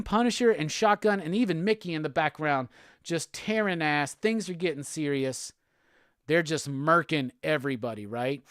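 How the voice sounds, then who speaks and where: Excitable, profane man recapping comics. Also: on the high side, clear, resonant tone, no echo, clean studio sound. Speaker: podcast host. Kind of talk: casual comic book recap.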